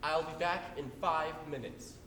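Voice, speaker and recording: Young guy doing a jittery boyish groom, highish voice, noisy echoey hall far off. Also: steady tone, measured pace, fairly bright tone. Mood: earnest. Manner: earnest, pleading. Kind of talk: live amateur stage acting. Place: theater stage.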